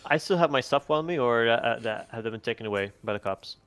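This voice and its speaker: A man's voice: medium pitch, animated, fast talker, fairly bright tone, smooth. Casual man playing a tabletop game. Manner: short backchannel replies, casual. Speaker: player.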